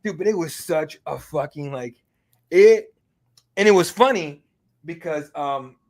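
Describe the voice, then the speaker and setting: A man hosting an MMA podcast, telling a story in a casual, excitable and profane way. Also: fairly high pitch, measured pace. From Mexican heritage. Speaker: MMA podcast host and reporter.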